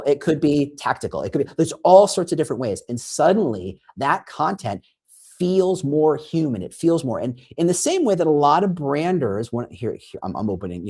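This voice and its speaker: A man guest on a podcast, explaining in an animated conversational way and acting out quoted prompts and reactions. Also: mid-range voice, breathy edge. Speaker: guest, recruiting consultant.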